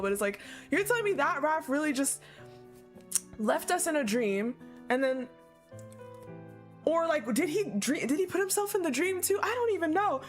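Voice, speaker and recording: A woman streamer reading game dialogue aloud and reacting, animated and swearing freely as she rants to viewers. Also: sits high, normal speed. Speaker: gaming streamer. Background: faint game music.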